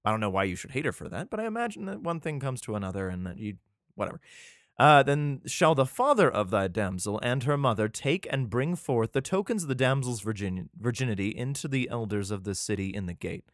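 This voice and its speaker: A man's voice: mid-range voice, big pitch swings, fairly quick, dry recording, studio quality. A man reading archaic scripture aloud, stumbling over words and breaking off into irreverent, swearing, joking commentary. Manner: stumbles and restarts while reading archaic text.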